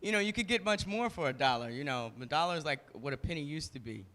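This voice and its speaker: A man's voice: on the high side, animated, fast talker, sharp tone. A man in casual chat, chuckling and adding jokey asides.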